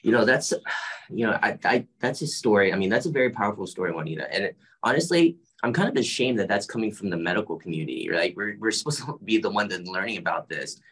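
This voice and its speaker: A man moderating a panel on a video call as a medical professional, reflective and halting, with frequent restarts. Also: lowish voice, animated, a bit bright, slightly rough, rough recording.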